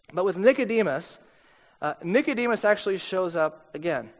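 High-voiced animated preacher in a reverberant hall. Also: male voice. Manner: animated storytelling, acts out dialogue. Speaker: pastor. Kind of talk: sermon.

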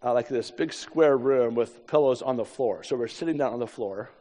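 A man's voice: mid-range voice, normal speed, mellow. A man in his fifties from the United States, telling a story in a sermon with casual, self-deprecating asides. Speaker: preacher. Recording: echoey hall.

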